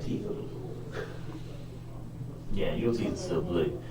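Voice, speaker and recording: Deep-voiced man running a tabletop game. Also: slow pace. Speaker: dungeon master. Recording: echoey room, far from mic, noisy.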